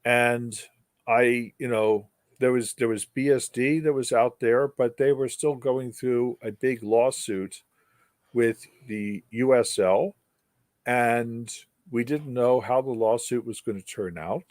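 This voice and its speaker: A man's voice: medium pitch, slow pace, darkish tone, no echo, studio quality. An older man telling a long story with wry humor and emphatic repetition, as a guest speaker. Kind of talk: storytelling in an interview.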